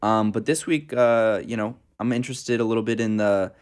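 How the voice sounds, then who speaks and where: Male host, lowish voice, halting interviewer full of fillers. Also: steady tone, darkish tone, clear, resonant tone. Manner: hesitant, filler-heavy phrasing. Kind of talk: casual interview question.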